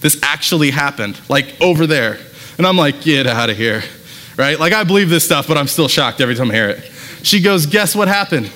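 In a church sanctuary with long hall reverb, a man delivers a sermon as pastor, his voice a little high, brisk and sharp in tone with lively intonation. His manner is casual and conversational, full of stories and many fillers.

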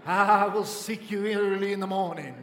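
A man's voice: high voice, fairly even intonation, normal speed. A man doing a pompous quavering churchgoer at prayer. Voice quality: tremolo. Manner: theatrical, loud and solemn. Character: pompous churchgoer praying in showy old-fashioned words. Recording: echoey church hall.

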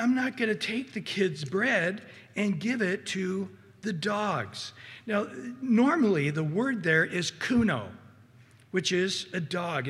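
A man preaching a sermon as pastor, animated and acting out quoted voices. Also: fairly high pitch. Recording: hall reverb.

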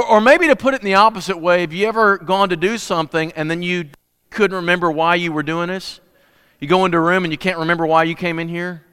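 Folksy preacher in a reverberant church. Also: male voice, sits high, fairly bright tone, clean tone. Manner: folksy, joking, many restarts. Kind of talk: casual sermon with announcements. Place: church sanctuary.

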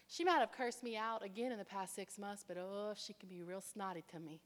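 A woman preaching a sermon, telling her own story with animated delivery and acting out other people's voices. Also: mid-range voice, fairly quick, hardly any pauses. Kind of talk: sermon with personal testimony. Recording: long reverb of a large hall.

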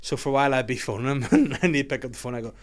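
A man's voice: mid-range voice, racing. A man hosting a casual podcast, joking around, swearing freely and laughing often. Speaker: podcast host.

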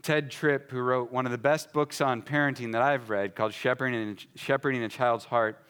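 A man's voice: medium pitch, steady tone, normal speed, fairly bright tone, clean tone. A pastor telling a story about his son in a conversational sermon, acting out the dialogue between them.

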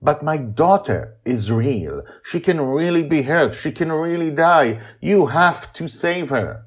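An urgent, commanding father in a dream adventure story, shouting to get through to someone, as a male narrator acts him out. His voice sits higher than a usual speaking voice and has a breathy edge. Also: lively intonation, slow, full character voice. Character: desperate father shouting to save his daughter.

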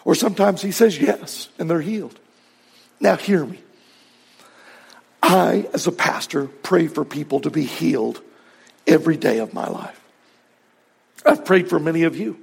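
Gravelly high-voiced pastor preaching. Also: male voice, measured pace, pauses often, big-room sound. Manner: earnest, rising to emphatic peaks. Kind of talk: sermon.

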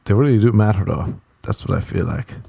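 A man riffs through a loose comedic monologue, crude and self-mocking, swearing constantly and drifting from one aside to the next. His voice sits low, with a warm, mellow tone. The sound is dry and close, with no room around it. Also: fairly quick, gravelly, husky, no echo.

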